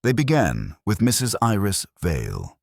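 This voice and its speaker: Male narrator, scripted mystery narration, husky, lively pitch, dry sound. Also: normal speed, no echo.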